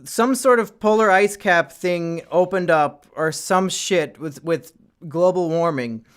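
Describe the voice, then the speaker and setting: A man's voice: high voice, a little slow, clear, resonant tone. A young man in casual chat, rambling through a film plot and swearing often. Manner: rambling, swears often, trails off into quiet asides. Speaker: podcast co-host reviewing films.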